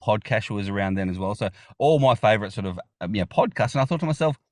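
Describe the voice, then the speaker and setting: Australian man with a low voice. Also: animated, fast, darkish tone, no echo, clean studio sound. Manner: rambling, repeats words, laughs often. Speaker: podcast guest. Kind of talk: casual interview chat.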